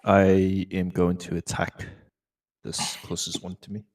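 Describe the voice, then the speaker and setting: A man playing a tabletop game, speaking in a hesitant, halting way as he declares his actions. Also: sits low, flat delivery, a little mellow, no room sound, clean studio sound. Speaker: player.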